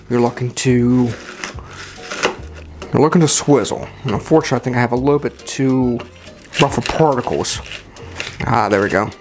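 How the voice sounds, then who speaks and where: A man talks casually through a cocktail recipe at his home bar, full of fillers and quick self-corrections. His mid-pitched voice is animated and moves a lot. Faint music plays underneath. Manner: chatty and informal, with many fillers and self-corrections. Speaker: home bartender demonstrating cocktails.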